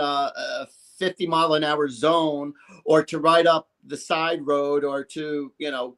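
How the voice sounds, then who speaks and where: A man's voice: a little high, fairly bright tone. A man in his fifties, a psychic guest on a talk show, talking in an emphatic, rambling way and acting out quotes. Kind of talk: animated talk show chat.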